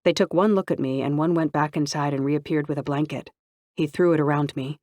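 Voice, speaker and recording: An audiobook narrator reading a first-person novel in a steady, even storytelling manner. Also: medium pitch, fairly quick, no echo, studio quality.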